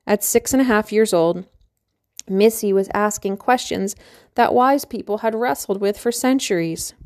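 A woman calmly narrating an audiobook in a measured storytelling manner. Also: mid-range voice. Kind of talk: scripted narration.

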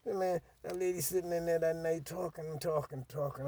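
A man's voice: a little high, fairly quick. Older man telling a rowdy tale. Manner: animated, profane, laughs through story. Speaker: storyteller. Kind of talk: casual storytelling.

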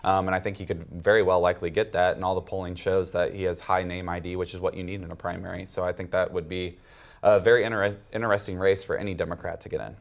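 A man's voice: deep voice, little pitch movement, fast, creaky. A man who is a Democratic strategist, speaking wryly on a political panel. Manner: laughing, wry.

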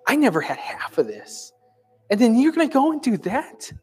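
A man's voice: very high voice, wildly swooping pitch, normal speed, a little mellow, husky, faint music behind, pitched above the performer's own voice, full character voice. A man voicing a resentful grown older son who complains in whiny, indignant outbursts.

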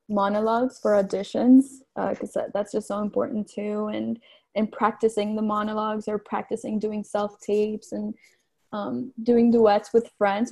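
A woman's voice: mid-range voice, creaky, dark tone. A young adult woman, an actor, chatting casually on a podcast with lots of fillers. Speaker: actor, guest.

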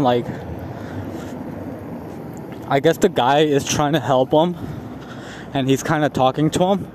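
A man's voice: medium pitch, fairly even intonation, moderate pace, long pauses, a little mellow, a little hiss or hum. A man talking casually into his phone outdoors by a store, rambling and filling his speech with "like", laughing at himself now and then. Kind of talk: casual vlog monologue. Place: outdoors near a store and on the street.

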